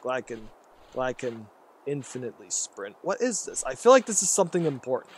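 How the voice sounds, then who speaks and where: A man's voice: mid-range voice, big pitch swings, brisk, slight background noise. A man giving rambling commentary while playing a horror game, talking to himself and reacting aloud. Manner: rambling, jittery, talks to himself. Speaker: gaming YouTuber.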